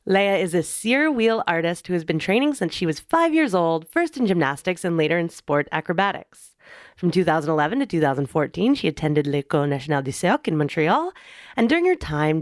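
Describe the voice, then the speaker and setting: A woman hosting a circus podcast, chatty and playful as she makes her pitch and introduces her guest. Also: dry recording, studio quality. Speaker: podcast host.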